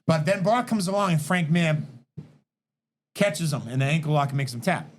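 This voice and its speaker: An excitable man talking on a casual podcast, swearing freely and jumping into quoted voices as he tells stories. His voice sits fairly high for a man. A faint hiss runs under the garage recording. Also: normal speed. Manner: animated, profane storytelling, acting out quotes. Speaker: podcast guest.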